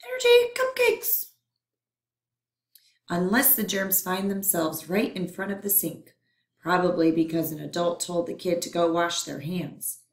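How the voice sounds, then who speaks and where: A woman reading a children's picture book aloud in a playful, expressive way. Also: on the low side, moderate pace. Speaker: storyteller. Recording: roomy echo.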